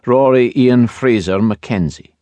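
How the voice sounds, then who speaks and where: A man voicing a gruff young Highland warrior with a Scottish accent, blunt, terse and clipped. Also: unhurried, warm tone, dry recording, natural voice.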